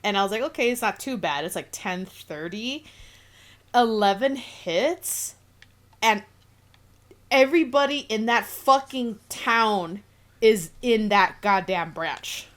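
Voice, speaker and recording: A woman's voice: mid-range voice, slow. A young woman telling a work story in casual podcast chat, swearing often and laughing as she goes. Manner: profane, laughing, animated retelling. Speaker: podcast co-host.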